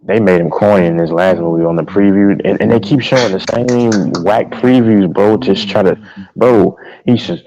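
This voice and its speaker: A man's voice: lowish voice, moderate pace, mellow, rough recording. A man chatting casually with friends on an online voice call, rambling and stammering, often repeating his words. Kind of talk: casual chat.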